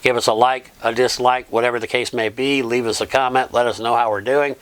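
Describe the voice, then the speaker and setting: A man's voice: mid-range voice, fairly even intonation, a little fast. A middle-aged man hosting a travel vlog, recapping the trip in a plain, earnest way and thanking friends. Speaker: vlog host. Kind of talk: casual travel vlog narration.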